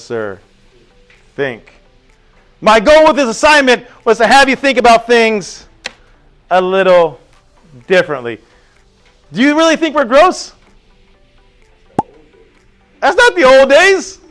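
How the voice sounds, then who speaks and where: Animated high-voiced male teacher. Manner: animated, storytelling with quick questions to students. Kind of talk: classroom lecture. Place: classroom.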